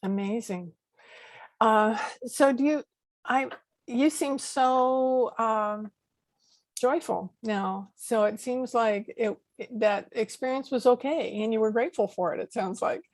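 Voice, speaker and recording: A woman hosting a podcast, talking in a halting, gentle way as she searches for words. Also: on the high side, no echo. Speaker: podcast host. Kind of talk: interview conversation.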